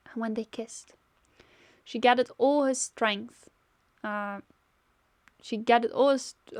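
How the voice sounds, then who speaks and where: A woman reads her own story aloud in a relaxed, homemade way, now and then tripping over names and correcting herself. Her voice sits fairly high. The recording is close and dry. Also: no echo. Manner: casual, self-correcting reader. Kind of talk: casual story reading.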